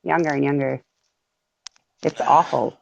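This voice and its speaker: Low-voiced woman, emphatic and repetitive. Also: steady tone, measured pace, gravelly, slight background noise. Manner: emphatic, repeats herself, trails off mid-sentence. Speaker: podcast co-host. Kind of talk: casual conspiratorial chat. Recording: dull lo-fi audio.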